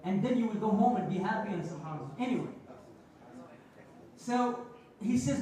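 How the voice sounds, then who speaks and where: A man delivers a passionate Friday sermon, slipping phrases into his stories. His voice sits very high for a man. He is heard from a distance in a large mosque hall with strong echo. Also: lively intonation, a little fast, darkish tone. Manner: passionate, storytelling, mixes Arabic phrases. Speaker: preacher. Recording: echoey hall, voice from far off.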